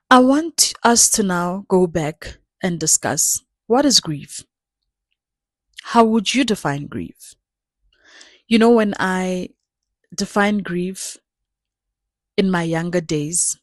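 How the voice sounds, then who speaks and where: A young adult woman speaks in a slow, earnest, reflective way, often repeating words to drive a point home. Her voice sits somewhat low for a woman. The sound is dry and close, with almost no room echo. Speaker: channel host. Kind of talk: personal reflective talk.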